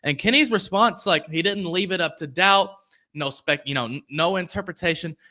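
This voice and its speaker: A man's voice: high voice, moderate pace, pushed and bright. A young man hosting a sports podcast, chatting casually, rambling off on tangents and reading viewer comments aloud. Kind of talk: casual live-stream commentary.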